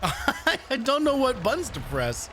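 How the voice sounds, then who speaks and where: A man gives casual commentary on a retro game while he plays it. He talks slowly in a high voice that swings up and down, swears freely and breaks into laughter. Faint game music runs underneath. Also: huge pitch swings, sharp tone, a little hiss or hum. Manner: rambling, swearing, laughs often. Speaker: game streamer.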